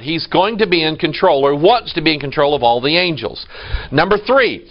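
A man's voice: a little high, lively intonation, moderate pace, lo-fi sound. A man preaching a sermon in a church, emphatic and quoting scripture. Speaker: pastor.

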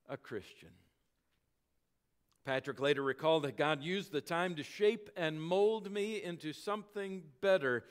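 Man, pastor, sermon, storytelling, dramatic pauses, slightly higher voice. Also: clear, resonant tone. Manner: storytelling with dramatic slowing and sinking volume.

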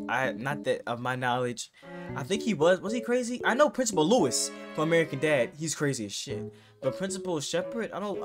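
A male YouTuber doing casual reaction commentary. His voice sits a little high, and his talk is loose and slangy, full of repeated catchphrases. Guitar music plays clearly behind him.

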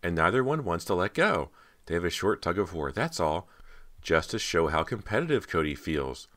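A man's voice: low voice, sing-song, moderate pace, a bit bright. A man voicing a snide, catty teenage girl actress who talks down to others in a mocking tone. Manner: condescending and mocking.

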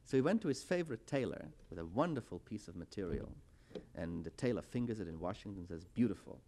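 A man's voice: sits low, lively intonation, quick pace, a little mellow. A middle-aged man giving a university lecture with a wry, anecdotal manner and storytelling asides.

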